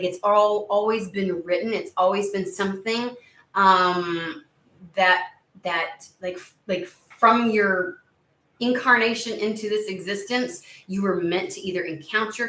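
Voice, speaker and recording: A woman talking through a tarot reading in a loose, rambling way, circling around her words. Her voice is bright and clear-toned, set back from the mic in an echoey room. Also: medium pitch, far from the mic. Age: under 70. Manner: rambling, searching for words, many "like"s. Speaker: tarot reader. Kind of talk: casual spoken tarot reading.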